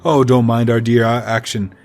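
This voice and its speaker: A man voicing a huge, jovial man with a grand, slow and theatrical way of talking. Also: medium pitch, level tone, darkish tone, voice pushed down, natural voice. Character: huge jovial man, booming, amused by insults.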